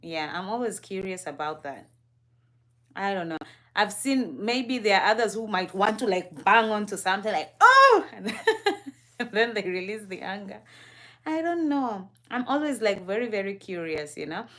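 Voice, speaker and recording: A young woman from Kenya talks through a relaxed livestream with her co-host. Her voice sits at an ordinary middle pitch, and she sounds curious and easygoing. She laughs easily and keeps turning to the viewers in the chat. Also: moderate pace.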